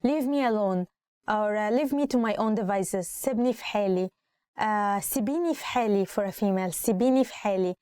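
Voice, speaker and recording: A woman with an Egyptian accent gives a spoken Arabic lesson at a brisk pace. She repeats every phrase and then translates it into English. Her voice sits at a middle pitch and sounds dry and close. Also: warm tone, smooth, no room sound. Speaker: Arabic teacher. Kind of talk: language lesson.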